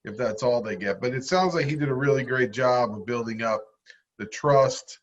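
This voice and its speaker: A man's voice: medium pitch, normal speed. Podcast host man, dull lo-fi sound. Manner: reflective, sums up guest's story. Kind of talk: interview chat. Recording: dull lo-fi audio.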